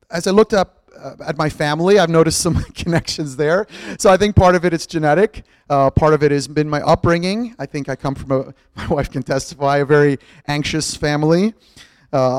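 Animated, self-mocking middle-aged preacher. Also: male voice, a little high, clear, resonant tone, no room sound. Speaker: pastor. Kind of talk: storytelling sermon.

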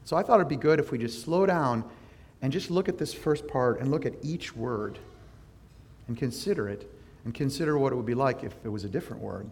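A man's voice: mid-range voice, fairly quick, creaky, darkish tone, big-room sound. A man preaching a sermon as pastor, teaching in a conversational way, praying and putting questions to his listeners.

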